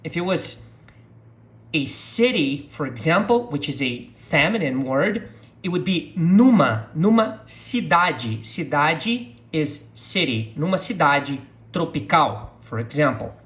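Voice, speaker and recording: Slow, deliberate teacher. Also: medium pitch, big pitch swings. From southern Brazil. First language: Portuguese. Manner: deliberate, models words for the listener to repeat. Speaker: language teacher. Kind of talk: language lesson.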